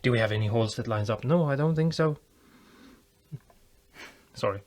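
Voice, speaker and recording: A man building an electric guitar, thinking aloud in a relaxed way with fillers and restarts. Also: medium pitch, normal speed. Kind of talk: casual workshop narration.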